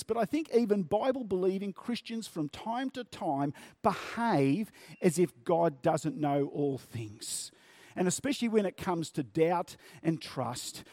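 Male preacher, fairly high voice, dry close sound, measured delivery that leans on key words. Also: dark tone, dry recording. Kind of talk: sermon.

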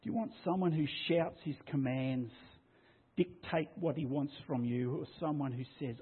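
A man preaching a sermon as pastor, swinging from loud declarations down to a hushed near-whisper. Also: a little high, moderate pace, husky. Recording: tinny phone-like sound.

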